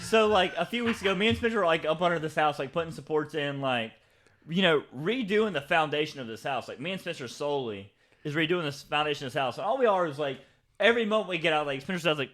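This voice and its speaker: A young man co-hosting a podcast, telling stories in an animated way, saying "oh, dude" often and swearing freely. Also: fairly high pitch, quick pace. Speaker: podcast co-host. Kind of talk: casual chat.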